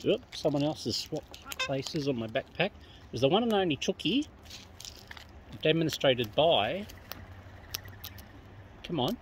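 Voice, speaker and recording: Australian woman vlogger, playful bird-feeding chatter outdoors; lowish, swooping delivery, unhurried, noisy outdoor recording. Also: big pitch swings. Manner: affectionate, playful coaxing of birds. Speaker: vlogger feeding wild birds. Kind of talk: casual chat to birds. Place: outdoors among feeding birds.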